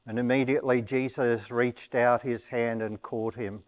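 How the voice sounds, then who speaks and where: A man preaching a sermon, explaining a scripture passage in a measured, teaching manner. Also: medium pitch, flat delivery, darkish tone.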